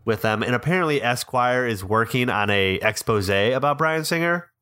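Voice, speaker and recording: A man's voice: mid-range voice, lively intonation, moderate pace, pushed and bright, clear, resonant tone. A man co-hosting a casual film discussion, blunt and opinionated, often trailing off and rephrasing mid-thought.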